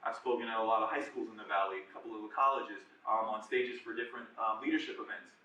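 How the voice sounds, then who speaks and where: A man in his twenties giving a casual, animated personal testimony as guest speaker at a church group. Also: fairly low pitch, fast talker, muffled recording. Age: 20s. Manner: casual, conversational, animated retelling with slang. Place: large echoey room at a church singles group. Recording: echoey room, voice from far off.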